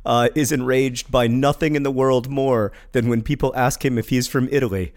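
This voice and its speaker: A man co-hosts a podcast with wry, dry humor, steering the chat from one topic to the next. His voice sits in an ordinary middle pitch, with fillers between his points. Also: steady tone, normal speed, a little mellow. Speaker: podcast co-host.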